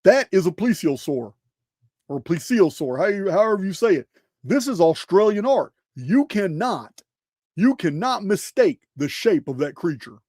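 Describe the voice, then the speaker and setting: A man's voice: high voice, big pitch swings, normal speed, darkish tone, dry recording, studio quality. A man hosting a show, talking casually over slides, emphatic and full of rhetorical questions, often restarting his phrases. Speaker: host presenting slides.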